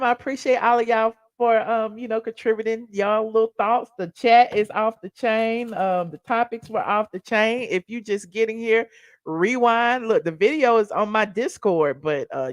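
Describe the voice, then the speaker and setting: A woman's voice: mid-range voice, no room sound. Woman, Southern accent, livestream host, chatty drawl, dry close sound. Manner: chatty, drawling, calls viewers child and honey. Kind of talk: casual livestream wrap-up.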